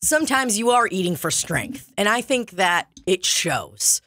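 A woman's voice: mid-range voice, very animated, unhurried, pushed and bright, no echo, studio quality. A young woman hosting a podcast, chatting casually in a rambling, profane and jokey way. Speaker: podcast host. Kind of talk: casual chat.

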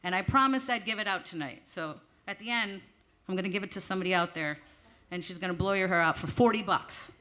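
A woman's voice: medium pitch, fast, bright, forceful tone. A woman doing a stand-up comedy set on a small theater stage, talking in a chatty, self-mocking and slightly nervous way into a stage mic. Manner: nervous, chatty, laughing at herself. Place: small theater stage before a live audience. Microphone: handheld stage mic.

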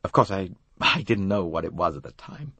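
A man voicing an older American businessman, folksy and halting, confiding in a mournful tone. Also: deep voice, expressive, pushed and bright, husky, no echo, exaggerated voice. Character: grieving older American businessman, smooth and evasive.

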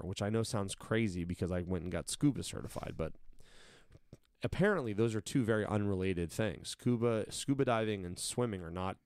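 A combat sports coach tells long, casual stories in an interview, animatedly acting out what he and others said. His lowish voice is smooth and brisk, in a dry recording.

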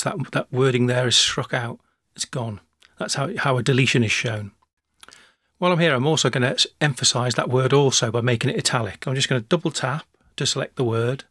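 A man narrating a screencast software tutorial, talking through each step in a relaxed way with small restarts. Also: medium pitch, fairly quick, breathy edge, dry recording, clean studio sound.

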